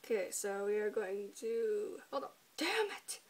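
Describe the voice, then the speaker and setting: A woman's voice: mid-range voice, very animated, a little slow. A teenage girl hosting a casual recap vlog, giggling often and swearing casually. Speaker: video channel host.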